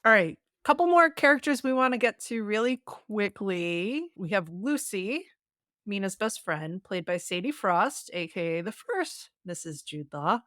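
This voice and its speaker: A woman who chats about a film in a casual, opinionated way, quick with a joke. Her voice sits at a middle pitch. It is recorded close and dry, with no room sound. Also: animated, a bit bright, no room sound. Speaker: podcast co-host. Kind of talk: casual movie review chat.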